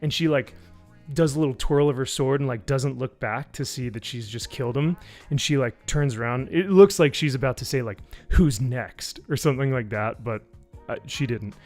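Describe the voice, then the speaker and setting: A man at an ordinary middle pitch talks through a live-stream recap, rambling and full of fillers. He swears freely and turns sarcastic as he goes, with faint music playing under him. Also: a little fast, darkish tone. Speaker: YouTube reviewer on a live stream.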